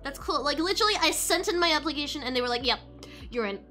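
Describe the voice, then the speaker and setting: High, lively, bright-voiced woman streamer. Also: very fast. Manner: rambling, giggly, self-interrupting. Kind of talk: casual stream chat. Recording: faint background music.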